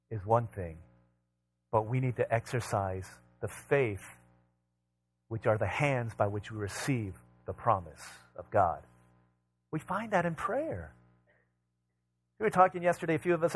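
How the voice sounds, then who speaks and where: A man preaching a sermon as pastor, building to emphatic repeated questions and dropping low for quieter asides, with a homey story. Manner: tells a homey family anecdote.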